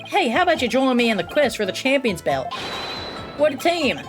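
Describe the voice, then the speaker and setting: A woman's voice: high voice, big pitch swings, fairly quick. A woman voicing a fussy male thief with a put-on Southern drawl, folksy and overdramatic, over game music. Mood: boastful. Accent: American Southern (put on).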